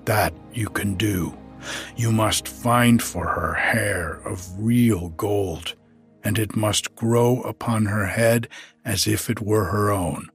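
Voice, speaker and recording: A man's voice: lowish voice, takes it slowly, faint music behind. A man voicing a mighty, angry male thunder god in a storybook reading, growling commands.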